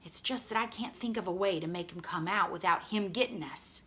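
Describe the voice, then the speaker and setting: A woman's voice: fairly low pitch, brisk, bright, forceful tone, a little hiss or hum. A woman reading aloud and voicing a stubborn, boastful young boy with an insistent drawl.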